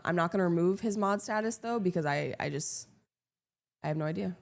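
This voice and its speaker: Deadpan sarcastic young woman streamer. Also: fairly low pitch, fairly quick, creaky. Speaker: live streamer. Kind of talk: casual live-stream chat with viewers.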